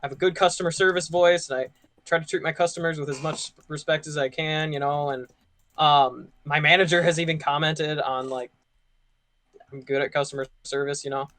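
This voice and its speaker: A young man co-hosting a casual podcast while playing a game, telling a long story. His voice sits a little high, and he rambles loosely, leaning on "like" and "you know" as he goes. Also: steady tone, fairly quick, fairly bright tone. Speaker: podcast co-host.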